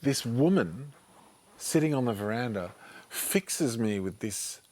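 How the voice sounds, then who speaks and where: A man telling a personal story in a monologue, often halting and repeating himself. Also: medium pitch, animated, warm tone. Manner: halting, repeats words and restarts sentences.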